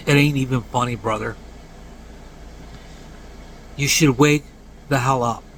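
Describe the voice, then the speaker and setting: A man in his late forties delivering a blunt, earnest rant to camera, dropping to low mumbled tags at the ends of lines. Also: a bit bright, slight background noise, rough recording. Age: 40s. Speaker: vlogger. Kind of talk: casual preachy rant to camera.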